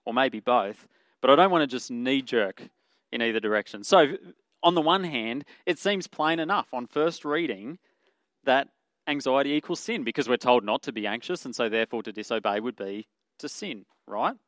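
A man delivering a sermon in an earnest, conversational manner at a middling pitch. He corrects himself mid-sentence and goes quieter when quoting scripture. The sound is dry and close. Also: lively intonation, moderate pace, no echo. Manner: earnest, conversational preaching with fillers and self-corrections. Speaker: pastor.

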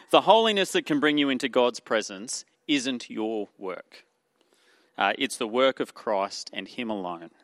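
A man's voice: lowish voice, fairly bright tone, no room sound. A man with an Australian accent preaching a sermon in an earnest way, asking rhetorical questions and using fillers.

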